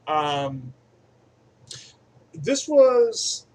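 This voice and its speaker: A man's voice: on the high side, big pitch swings, extremely slow, a little mellow, poor audio. A man giving an off-the-cuff movie review, profane and rambling, swinging between enthusiastic bursts and mumbled asides. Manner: crude and profane, rambling aside-heavy delivery.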